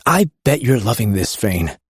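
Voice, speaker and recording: A flippant young male heir talks in a lowered, sarcastic voice that jumps around in pitch, as a woman puts him on in an audiobook. He sounds quick and awkward, recorded dry and close. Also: big pitch swings, husky, no echo, full character voice. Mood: mocking. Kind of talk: audiobook character voice.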